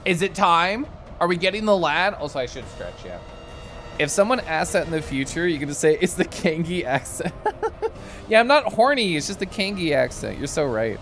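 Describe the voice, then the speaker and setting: A man on a live stream talks casually with his audience, his voice slightly high and swinging up and down a great deal. He is playful and chatty, laughing and tossing in silly noises, with soft music faintly underneath. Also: sing-song, normal speed.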